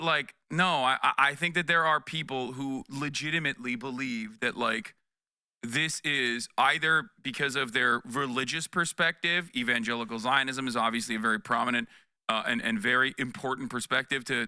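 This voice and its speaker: A man's voice: mid-range voice, pushed and bright, smooth, no echo, studio quality. A man in his thirties streaming heated political commentary, ranting in a profane, exasperated way and tacking "okay?" onto his points. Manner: profane, exasperated, rapid rants with repeated "okay?". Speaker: streamer reacting to news.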